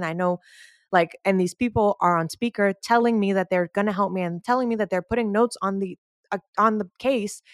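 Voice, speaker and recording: A woman co-hosting a podcast, telling a long story in casual chat, acting out the people she quotes in a lower voice and getting louder when exasperated. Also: no echo, clean studio sound. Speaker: podcast co-host.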